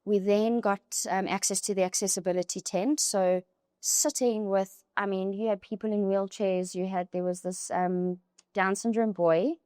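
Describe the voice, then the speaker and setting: Young woman, guest storyteller, lively and chatty, dry close sound. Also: medium pitch, normal speed, clear, resonant tone, no echo. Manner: animated, with many "like" fillers. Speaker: podcast guest. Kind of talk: emotional personal storytelling.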